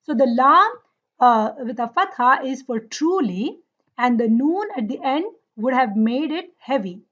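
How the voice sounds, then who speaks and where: A woman's voice: sits high, lively intonation, measured pace, dull audio. A woman teaching Arabic grammar in an online class, explaining patiently and often checking that her students follow.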